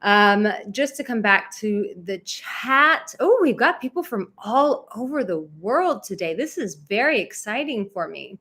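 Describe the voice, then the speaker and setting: A woman's voice: fairly high pitch, expressive, measured pace, hardly any pauses, sharp tone. Effusive woman hosting a livestream. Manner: effusive, emotional, gushing with gratitude. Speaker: dating and relationship coach hosting a livestream. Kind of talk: livestream chat to viewers.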